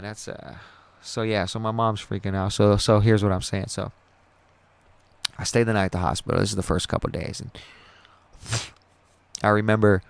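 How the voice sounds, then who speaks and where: A young man with a low, gravelly voice talks through a painful memory. He rambles, swears freely and trips over his own words. His voice is smooth and resonant, and the recording is dry and close. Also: dry recording. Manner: rambling, profane and emotional, with many restarts. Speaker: podcast host. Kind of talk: casual personal storytelling.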